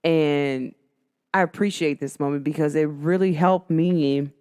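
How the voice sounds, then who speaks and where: A woman, telling a rambling personal story in casual chat, full of fillers and jumping high when she quotes people. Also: measured pace, clean tone. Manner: chatty, rambling, lots of "like" fillers; animated, swoops high when quoting others.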